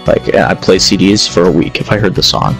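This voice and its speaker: A young man in casual chat, opinionated and full of fillers, with a slightly low voice. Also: brisk, vocal fry, faint music behind, poor audio.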